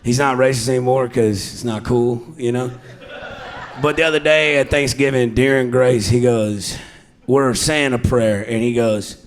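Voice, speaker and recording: A man with a drawl riffs off audience suggestions in improvised stand-up, his voice at an ordinary middle pitch. He talks crude and rowdy, chuckling through his punchlines on a club stage mic. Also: fairly even intonation, unhurried, a little hiss or hum. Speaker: stand-up comedian. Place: comedy club stage before a live audience.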